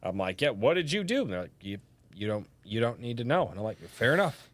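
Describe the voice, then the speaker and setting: A man hosting a casual podcast, telling stories in an animated, profane way and acting out quotes. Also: on the low side, quick pace, no echo. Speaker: podcast host.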